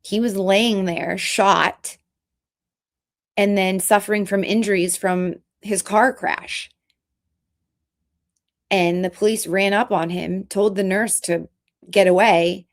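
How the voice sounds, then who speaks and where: A woman vlogger talking in an earnest, halting, emotional way in casual commentary. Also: mid-range voice, steady tone.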